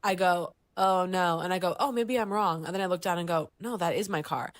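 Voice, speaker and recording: Woman podcast cohost, lowish voice, dead dry studio sound, acts out all the voices. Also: a little fast, no echo. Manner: animated storyteller, acts out voices and jumps up high for quoted lines. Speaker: podcast co-host. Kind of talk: casual chat, telling a story.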